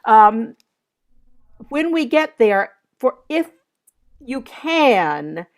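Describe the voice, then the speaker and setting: A woman's voice: a little high, sing-song, drawn-out words. An older woman leading a masterclass, giving direct coaching instructions and scatting rhythms aloud to show what she wants.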